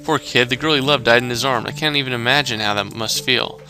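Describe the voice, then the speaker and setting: A man's voice: medium pitch, fast talker, bright, forceful tone, faint music behind. A man voicing a chatty detective sidekick in a mystery game, narrating clues.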